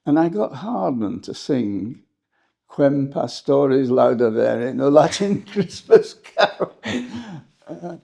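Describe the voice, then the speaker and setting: An older English historian reminiscing in an interview, rambling and hesitant, with frequent laughs. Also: male voice, medium pitch, big pitch swings, slow, gravelly, mellow. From England. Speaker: historian guest.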